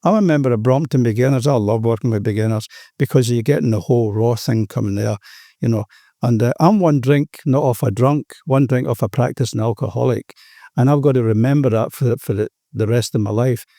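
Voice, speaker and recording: Older Australian man, mellow tone, earnest rambling recovery share, dry close sound. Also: mid-range voice, fairly quick, dry recording. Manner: earnest, rambling, peppered with "you know". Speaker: recovering alcoholic sharing his story.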